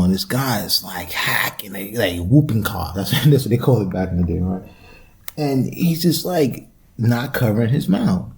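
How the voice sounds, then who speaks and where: A man's voice: fairly low pitch, creaky, a little mellow. A young man hosting a solo podcast, rambling through a loose, profane, joking rant. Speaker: podcast host.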